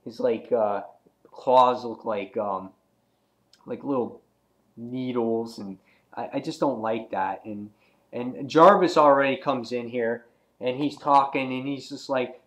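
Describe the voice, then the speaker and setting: A man giving a casual, excitable comic book review, rambling with lots of "he's like" asides. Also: medium pitch, takes it slowly.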